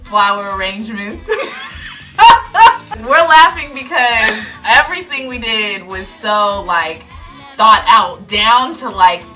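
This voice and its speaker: A woman chatting casually as co-host, animated and chatty. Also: mid-range voice, unhurried, far from the mic, music in the background. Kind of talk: casual chat.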